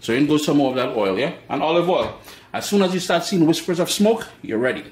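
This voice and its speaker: A man's voice: fairly high pitch, lively intonation, a little fast, a little mellow, echoey room. A man hosting a home cooking demonstration, chatty and folksy, talking straight to his viewers. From Trinidad and Tobago. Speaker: cooking show host. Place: home kitchen.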